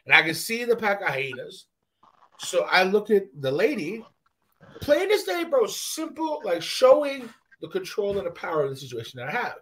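A man from Canada tells a long, crude story as a podcast host. He speaks fairly high and swings his pitch all over. His delivery is loose and profane, slipping into quick acted bits. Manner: profane, animated, acts out scenes. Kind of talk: casual storytelling.

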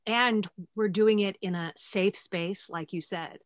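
A woman hosting a podcast conversation, talking candidly and self-deprecatingly with halting restarts. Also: mid-range voice, no room sound, studio quality. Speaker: podcast host.

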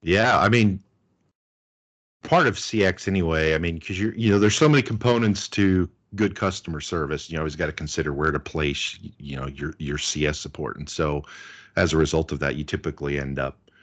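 A man's voice: extremely low pitch, a little fast, fairly bright tone. A middle-aged American man, a guest in an interview, telling stories casually with lots of fillers. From United States. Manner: chatty, anecdotal, many fillers.

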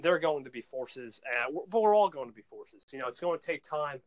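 A young man chatting excitedly on a podcast, laughing and repeating words as he tells stories. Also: on the high side, brisk, rough recording. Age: young adult. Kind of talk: casual chat.

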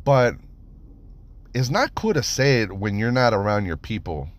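A man hosting a podcast, telling stories in a casual monologue, animated and profane, with lots of rhetorical questions. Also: on the low side, measured pace. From United States (Nevada). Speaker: podcast host.

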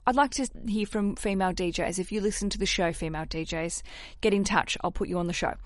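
Brief: frank, animated female podcast host, casual advice, close dry mic. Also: medium pitch, no echo. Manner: animated and candid, swears freely, laughs at herself.

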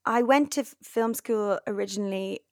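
A woman's voice: medium pitch, moderate pace, no echo, clean studio sound. A young woman chatting as a guest, telling stories and acting out what people said. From Ireland. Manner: lively storyteller, acts out quoted voices. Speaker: guest, actor and comedian. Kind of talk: casual chat.

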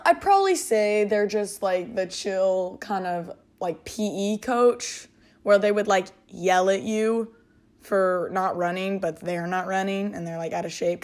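A woman's voice: mid-range voice, a little mellow. A woman hosting a casual solo podcast, rambling and giggling, with lots of filler words. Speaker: podcast host.

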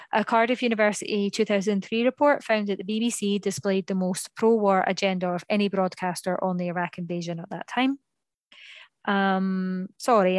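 A woman's voice: medium pitch, no echo. A woman, co-hosting a podcast and reading from notes, often stopping to correct herself and apologise. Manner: reads from notes, with frequent apologies, ums and self-corrections. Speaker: podcast co-host. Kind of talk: reading prepared notes in casual podcast talk.

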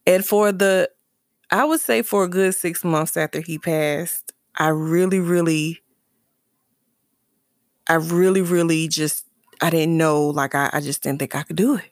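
A woman's voice: deep voice, steady tone, unhurried, dry recording, studio quality. A woman candidly telling a personal story about her son and his father, earnest and emotional, often restarting and repeating phrases. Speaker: mother sharing a personal story.

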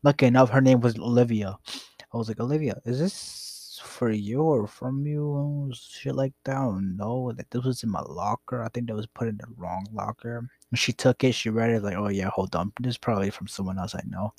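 Gravelly, husky young man telling a story. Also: fairly low pitch, brisk, darkish tone, no room sound. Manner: rambling, profane, laid-back. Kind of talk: casual storytelling.

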